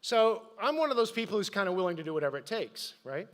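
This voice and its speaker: Speaking live from an event stage, a middle-aged man with a notably high voice delivers a motivational talk, sharing personal stories and posing questions to the crowd. He sounds practiced at stage speaking, very animated, and quick.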